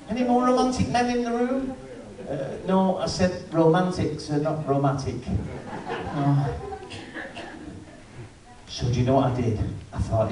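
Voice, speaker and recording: Brief: male stand-up, 50s, dry storyteller, lively pitch, distant roomy hall sound. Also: moderate pace. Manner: dry storytelling, chats with the audience. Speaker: stand-up comedian. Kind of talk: stand-up routine. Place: live venue.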